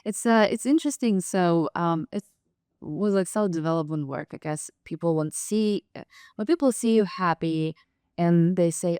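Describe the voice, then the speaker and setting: Smooth-voiced woman host, gently halting. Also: lowish voice, no echo, studio quality. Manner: supportive, gentle, halting phrasing. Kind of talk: casual conversational interview.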